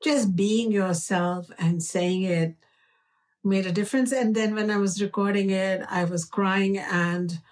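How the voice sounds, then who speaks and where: A woman with an Indian accent, an author being interviewed, speaking in a slow, reflective and earnest way. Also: medium pitch, darkish tone, far from the mic. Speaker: author guest. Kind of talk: conversational interview.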